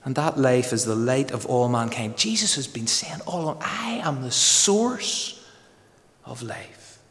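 A man preaching a sermon with emphatic delivery, slowing to drawn-out phrases for stress. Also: mid-range voice, in a large hall. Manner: emphatic, varied pace with slow dramatic pauses.

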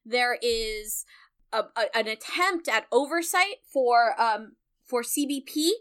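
Woman co-host, high bright voice, frank and explanatory. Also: expressive, slow, clean tone. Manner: explanatory, frank, swears casually. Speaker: podcast co-host. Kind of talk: casual political chat.

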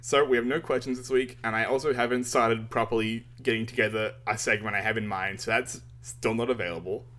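Excitable Australian man, podcast chat. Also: medium pitch, brisk. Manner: excitable, swears freely, laughs often. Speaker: podcast co-host.

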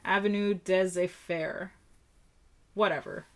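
A woman co-hosting a casual chat, chiming in with quick, wry remarks and some swearing. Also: on the low side, fairly even intonation. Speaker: co-host.

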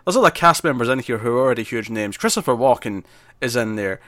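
A man's voice: mid-range voice, expressive, fast talker, a bit bright, no echo, clean studio sound. A man co-hosting a podcast in casual chat about films, rambling with many restarts and fillers and acting out quotes. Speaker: podcast co-host. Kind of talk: casual film-list chat.

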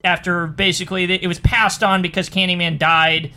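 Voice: mid-range voice, flat delivery, a little fast, bright, forceful tone. A podcast co-host from the United States recapping a horror film in casual chat, rambling with lots of restarts and fillers.

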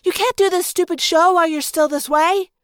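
A woman voicing an excitable teenage girl in an audiobook, shouting and scolding. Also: fairly quick, no room sound, clean studio sound. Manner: shrill and excited.

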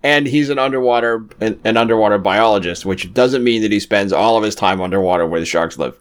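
A man co-hosting a casual podcast, adding wry, deadpan commentary about a film and its cast. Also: fairly low pitch, fast talker. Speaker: podcast co-host. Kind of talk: casual chat.

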